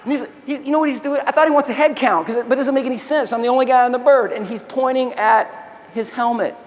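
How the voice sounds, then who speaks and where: A man giving an animated keynote talk, telling a story, acting out the quotes and calling the crowd "y'all". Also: very high-pitched, quick pace, a little hiss or hum. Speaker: keynote speaker, army veteran. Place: large convention hall. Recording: long hall reverb.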